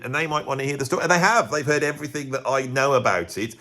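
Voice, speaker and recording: A man's voice: medium pitch, lively intonation, quick pace, few pauses, fairly bright tone. A man talking to camera in a casual, rambling monologue, often breaking off mid-sentence and asking rhetorical questions. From England. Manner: rambling, self-interrupting, full of rhetorical questions. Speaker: YouTube commentator.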